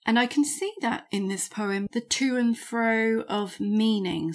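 A woman hosting a discussion of a poem, asking questions and slowing down to spell out examples. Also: medium pitch, fairly even intonation. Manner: clarifying, slows to spell out examples. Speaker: host. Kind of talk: conversational literary discussion.

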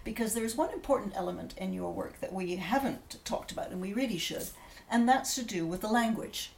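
This is a woman interviewer who asks long, carefully built questions with articulate enthusiasm. Her voice carries some roominess from the space she is in. She speaks at a middle pitch. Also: expressive, a little fast, creaky, echoey room.

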